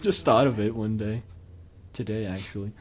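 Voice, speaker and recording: A man's voice: lowish voice, moderate pace. A man co-hosting a casual podcast chat, laughing often and joking around. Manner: giggly, laughs often, jokey and silly. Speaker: podcast co-host.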